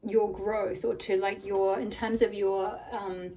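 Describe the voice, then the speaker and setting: A woman with a croaky voice from a cold, giving a rambling pick-a-card tarot reading full of "like" and "um". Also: medium pitch, little pitch movement, slow, warm tone. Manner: rambling, many "like" and "um" fillers. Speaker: tarot reader. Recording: voice a bit far from the mic, faint room noise.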